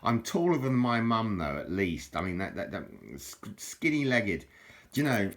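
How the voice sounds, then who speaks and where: A man's voice: lowish voice, very animated, normal speed. A man from England chatting casually over holiday photos, self-mocking and joking, with frequent restarts and laughter. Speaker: vlogger showing holiday photos. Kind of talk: rambling casual chat.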